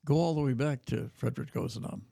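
A man hosting a casual conversation, relaxed and measured with a few fillers. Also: medium pitch, gravelly, no echo. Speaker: host.

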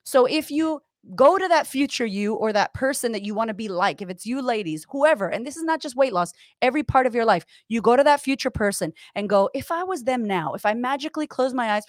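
A woman's voice: fairly high pitch, lively intonation, brisk, no echo, studio quality. A woman in her thirties, a coach and author of Puerto Rican heritage, chatting on a podcast in an emphatic, profane, motivational way. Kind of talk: casual podcast chat.

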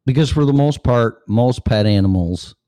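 A man's voice: mid-range voice, animated, normal speed, mellow, dry recording, clean studio sound. A man hosting a show, ranting sarcastically and cursing, now and then acting out other voices. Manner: acts out voices mid-rant. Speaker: show host. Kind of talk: opinion monologue.

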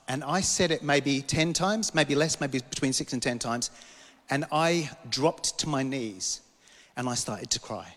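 A man's voice: on the high side, animated, a little slow, a bit bright, long reverb tail. A man from Britain preaching a sermon, telling a personal vision story with rambling asides and small jokes. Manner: storytelling, rambling, self-interrupting, joking asides. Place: church hall.

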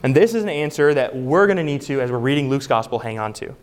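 A man preaching from the pulpit in a mid-range voice. He speaks earnestly and stresses his points with rhetorical questions, keeping a steady teaching tone. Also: mid-range voice, fast talker, clean tone. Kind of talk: sermon.

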